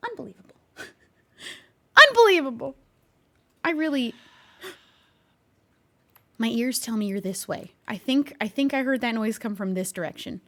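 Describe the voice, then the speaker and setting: A woman streaming a game, chatting and playing along with an unseen visitor, easily startled and quick to gasp and laugh. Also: on the high side, lively intonation, a bit bright. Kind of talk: casual gameplay commentary with light role-play.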